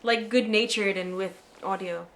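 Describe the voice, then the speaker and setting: A woman's voice: medium pitch, fairly even intonation, moderate pace, fairly bright tone, slight background noise. A woman from southeastern Pennsylvania with a Philadelphia American accent, chatting casually as co-host and rambling with lots of fillers. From southeastern Pennsylvania, USA. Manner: rambling, heavy on fillers like "like" and "you know". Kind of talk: casual chat.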